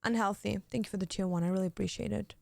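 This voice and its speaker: A woman's voice: medium pitch, steady tone, very fast, gravelly, a little hiss or hum. A young woman streaming, chatting casually while she plays, blunt and swearing freely with lots of fillers. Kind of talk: casual chat while gaming.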